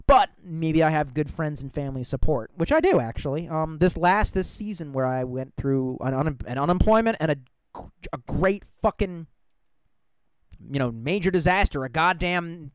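Guy rambling on his livestream, swears a lot, kinda high voice, dry sound. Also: dry recording. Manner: rambling, frank and profane. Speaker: live streamer. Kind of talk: casual live-stream chat, reading viewer comments.

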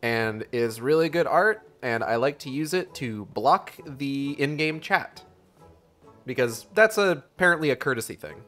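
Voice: medium pitch, animated, unhurried, fairly bright tone, faint music behind. A streamer chatting casually while playing, rambling and trailing off. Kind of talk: casual game stream chat.

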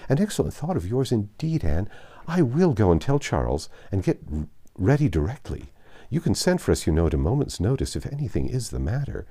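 A man's voice: lowish voice, big pitch swings, dark tone. A man reading a classic novel aloud, voicing a fretful, self-pitying young mother who complains easily. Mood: eager. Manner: complaining, quick to whine.

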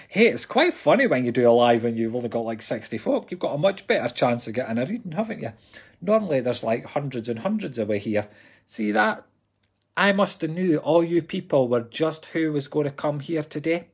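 A man's voice: a little high, big pitch swings, brisk, vocal fry, breathy edge. A Scottish man, a psychic medium, giving readings on a live stream in a chatty, jokey way and talking to viewers as folks.

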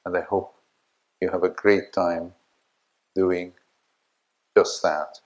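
An older man lectures in a very deep, low-pitched voice. He speaks slowly and haltingly, with many fillers, and stops now and then to put a question to his audience. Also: level tone, muffled recording. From Egypt. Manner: slow, halting delivery with frequent fillers. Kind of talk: academic lecture.

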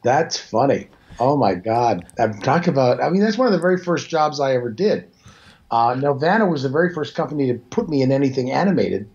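A man's voice: mid-range voice, lively intonation, brisk, a little mellow. A Canadian man in his sixties tells stories as an interview guest. He rambles and pokes fun at himself in an everyday mid-range voice. The audio sounds a little dull. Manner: rambling, self-deprecating storyteller. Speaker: voice actor guest. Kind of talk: casual interview chat.

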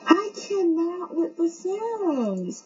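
Slow-talking, chatty woman gamer. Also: extremely high pitch, highs cut off. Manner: chatty, talks straight to viewers, excitable. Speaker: game streamer. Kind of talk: casual let's-play commentary.

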